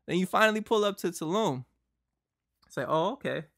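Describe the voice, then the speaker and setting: A man's voice: high-pitched, lively intonation, brisk, a bit bright, no echo, clean studio sound. A young man from Boston, hosting a podcast and telling a travel story in a loose, rambling way, full of fillers and laughs. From Boston, United States. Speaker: podcast host.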